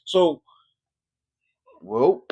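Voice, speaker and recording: A man casually telling a story, profane and animated, his voice jumping high and loud when he gets excited. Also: drawn-out words, breathy edge, no room sound.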